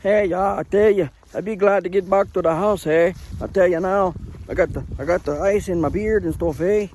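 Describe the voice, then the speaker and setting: A man's voice: high-pitched, moderate pace, a little mellow, a little hiss or hum, voice pushed up, close to an everyday voice. A man putting on a northern accent as a cold, chatty woodsman who rambles and ends his lines with "eh", outdoors in a snowstorm. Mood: grumbling. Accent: put-on northern accent.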